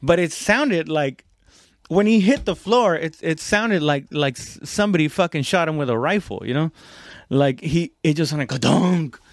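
A man's voice: on the high side, expressive, moderate pace, dry recording, clean studio sound. A young man casually telling a story about fighting, rambling and profane, with lots of restarts and fillers.

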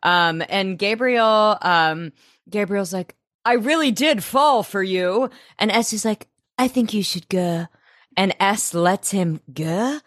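A woman co-hosting a podcast, recapping a TV episode in casual chat, animated and swearing freely as she acts out lines. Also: mid-range voice, takes it slowly, dry recording, clean studio sound. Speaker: podcast co-host.

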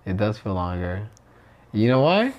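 Young male podcast co-host, buzzed, crude and teasing, lively pitch swings. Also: measured pace, lo-fi sound. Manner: joking, crude, playfully teasing. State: tipsy. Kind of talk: casual couple chat.

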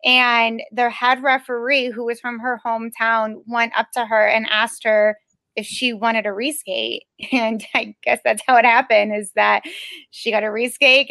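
A woman's voice: a little high, fairly bright tone, no echo. A woman who is an Olympic speed skater, telling her story as a podcast guest in an earnest, emphatic, determined way. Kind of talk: personal storytelling in a podcast interview.

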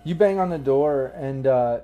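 A man running a tabletop role-playing game, describing scenes and calling for rolls. He talks in a casual, hesitant way with frequent fillers, at an ordinary pitch. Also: unhurried, mellow, dull audio. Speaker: game master.

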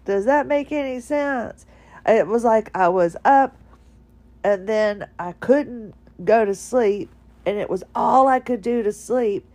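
A tired woman talks from her bedroom in a rambling, halting monologue full of restarts. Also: on the high side, a little mellow. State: tired, drowsy. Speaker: podcaster. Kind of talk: casual personal monologue.

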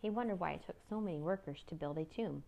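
A woman reading a children's chapter book aloud in a steady, measured way. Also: fairly low pitch, vocal fry. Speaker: narrator. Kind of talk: storybook read-aloud.

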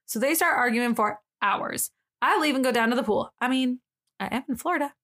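A podcast co-host, a woman, retells a story in casual chat, reading it aloud and voicing its characters with sudden high jumps in pitch. She talks fairly quickly with a slightly bright tone, swears freely and laughs between lines.

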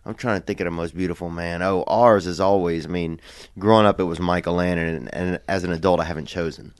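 A man hosting a podcast in casual chat who speaks softly and haltingly, often trailing off. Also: deep voice, steady tone, clear, resonant tone, no room sound. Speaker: podcast host.

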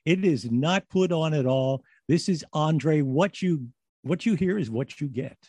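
A man co-hosting a podcast, relaxed and appreciative toward his guest. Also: a little high, a little slow, breathy edge, no echo. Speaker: podcast co-host. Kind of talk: casual interview chat.

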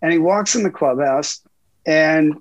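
A man's voice: on the high side, a little slow, no echo, lo-fi sound. Laughing middle-aged man telling stories. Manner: laughing often, profane anecdotes. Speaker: guest reporter. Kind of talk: casual interview storytelling.

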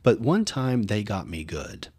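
A man, co-hosting a podcast and telling animated stories, acting out voices as he goes. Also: fairly low pitch, unhurried, husky, no room sound. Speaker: podcast co-host. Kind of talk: casual storytelling chat.

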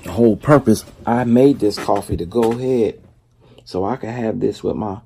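A man's voice: fairly low pitch, normal speed, vocal fry, dark tone, slightly rough. A man talking loosely and conversationally in a casual faith-based vlog, full of fillers and asides. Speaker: vlogger.

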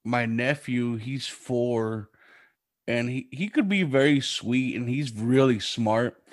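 A man's voice: mid-range voice, takes it slowly, no echo, studio quality. A man hosting a casual podcast, reacting with easy amazement and swearing casually as he tells his own stories. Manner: relaxed, easily impressed, swears casually. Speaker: podcast host.

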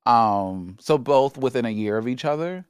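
A man co-hosting a podcast, chatting casually and with a relaxed manner in a studio. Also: mid-range voice, moderate pace, clear, resonant tone, dry recording. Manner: relaxed and chatty, heavy use of "like". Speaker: podcast co-host. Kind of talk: casual chat.

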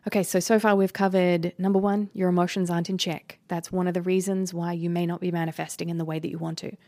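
A woman's voice: on the low side, flat delivery, quick pace, warm tone. An Australian woman in her thirties giving an earnest, encouraging motivational talk as a podcast host, laughing easily as she speaks. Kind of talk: motivational self-help talk. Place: rented holiday flat.

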